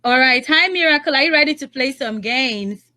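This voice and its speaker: A young Nigerian woman hosting a live radio call-in game, teasing callers, laughing often, and reading phone numbers out slowly. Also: sits high, expressive, sharp tone.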